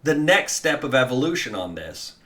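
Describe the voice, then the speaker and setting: A man leads a guided guitar lesson, counting beats aloud and coaching the listener. His medium-pitched voice is sing-song, bright and forceful at a normal speed. He sounds casual and encouraging, with lots of fillers.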